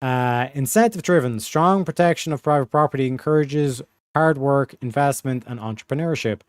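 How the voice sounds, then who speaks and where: A man's voice: medium pitch, moderate pace, clean tone, no echo, studio quality. A man on a casual livestream reading text aloud and breaking off for sarcastic, crude asides.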